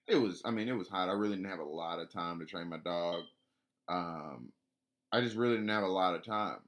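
Low-voiced man musing casually. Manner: rambling, with frequent restarts and fillers. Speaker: dog owner talking about training. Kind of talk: casual spoken monologue.

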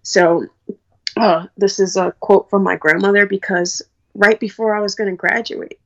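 A woman's voice: mid-range voice, fairly even intonation, normal speed, creaky, a bit bright, dull audio. A young woman from New York, a college track athlete, talking candidly in an interview and quoting people as she tells her story. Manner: candid, storytelling with quoted dialogue.

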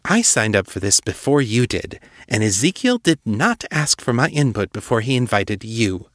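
A man voicing a droll, coolly hostile noblewoman who sounds amused with a sharp edge underneath, in a narrated story. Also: on the low side, very animated, normal speed, dry recording, studio quality. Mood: cutting.

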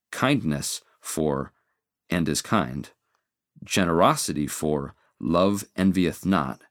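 Deep-voiced man giving a measured sermon. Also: no room sound, studio quality. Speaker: speaker giving a moral address. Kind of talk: formal inspirational sermon.

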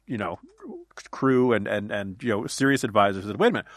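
A man's voice: lowish voice, normal speed, no room sound, studio quality. A middle-aged man chatting as a podcast guest, telling a story with lots of "you know" fillers. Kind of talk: casual podcast conversation.

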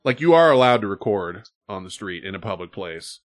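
A man's voice: lowish voice, a little fast. A male podcast host telling stories in casual chat and acting out quotes with animation. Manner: animated storytelling, acts out quotes.

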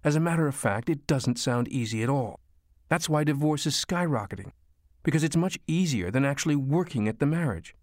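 A male reader puts on an older mother who scolds and lectures her grown son without pause. Her voice sits noticeably higher than the reader's own. The audiobook recording is close and dry. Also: animated, no echo, lightly acted. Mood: firm. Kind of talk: audiobook character voice.

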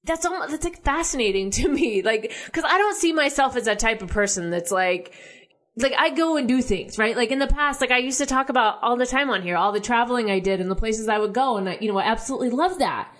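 A woman's voice: a little high, animated, fast, fairly bright tone. Chatty woman, "like" after every phrase. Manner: chatty, heavy use of "like" and "right?". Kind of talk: casual monologue.

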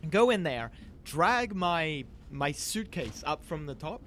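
A man playing a tabletop game, describing his character's actions with halting restarts. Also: a little high, sing-song, fairly bright tone, slight background noise. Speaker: player. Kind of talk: casual in-character play.

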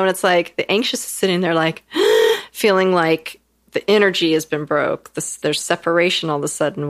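A woman co-hosting a relationship podcast, telling stories in a lively casual way. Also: low-pitched. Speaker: podcast co-host. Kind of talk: casual chat.

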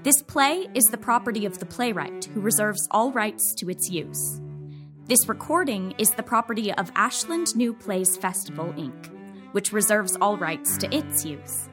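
A woman's voice: medium pitch, lively intonation, moderate pace. Woman announcer over cello music. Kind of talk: scripted announcement.

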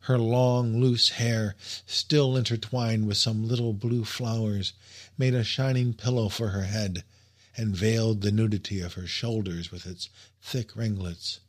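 Male audiobook narrator, lowish voice, measured and expressive, reading old literary prose. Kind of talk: scripted narration.

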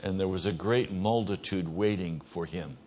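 A man preaching a sermon as pastor, emphatic, moving between hushed lines and loud ones. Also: deep voice, moderate pace, a little hiss or hum. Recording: dull lo-fi sermon recording.

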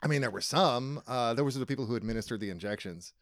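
A man playing a rambling, deadpan vault dweller from a wasteland, improvising as a comedian in character with a dry sound. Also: mid-range voice, fast talker, no echo, close to an everyday voice.

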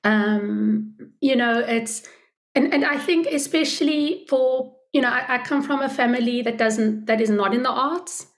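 Woman interviewer, kinda high voice, encouraging, lots of ums and you-knows. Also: measured pace. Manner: encouraging, with frequent affirming murmurs and hesitant fillers. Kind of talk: casual interview conversation.

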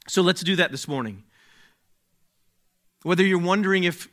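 A man delivers a sermon at a very slow, deliberate pace. His bright, somewhat high voice swells with emphasis, then drops back low between long pauses. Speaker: pastor.

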